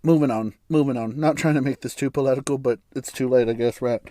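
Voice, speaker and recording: A man's voice: medium pitch, fast, warm tone, dry recording, clean studio sound. An American man hosting his own podcast, rambling casually with sarcastic asides and frequent laughs. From United States. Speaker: podcast host. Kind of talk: casual solo podcast monologue.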